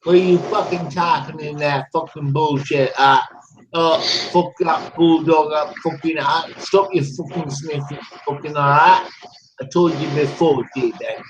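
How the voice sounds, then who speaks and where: Man, high-pitched, heckles and swears throughout, drawn-out delivery, noisy recording. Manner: swears constantly, taunting and heckling. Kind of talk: profane taunting rant.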